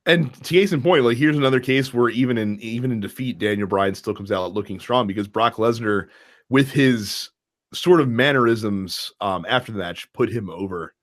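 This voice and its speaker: A man's voice: fairly low pitch, normal speed. A man co-hosting a casual wrestling chat, telling stories with a lot of laughter. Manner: animated, laughing storyteller. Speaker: wrestling podcast co-host.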